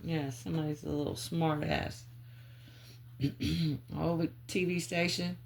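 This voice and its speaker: A woman giving a channeled psychic reading, calling on spirit and muttering names and clues in halting bits. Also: low-pitched, fairly even intonation, creaky, slight background noise. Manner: halting, muttering free association. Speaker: psychic reader.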